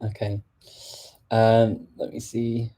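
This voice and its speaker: A man's voice: on the low side, monotone, slow pace, warm tone, slight background noise. A man hosting a casual live stream, answering viewer questions with many fillers and restarts. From England. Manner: hesitant, many fillers and restarts while switching languages.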